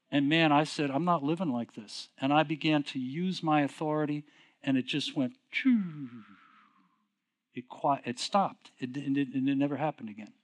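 Guy preaching, fairly high voice, chatty, asks the crowd questions then gets loud and punchy. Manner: conversational preaching, rhetorical questions, swings between quiet and emphatic. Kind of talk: sermon.

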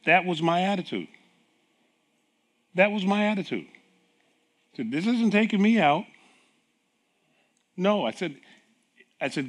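Pausing often at a moderate pace, a middle-aged pastor with a fairly high voice delivers a sermon. He tells stories animatedly, acting out dialogue and laughing a lot.

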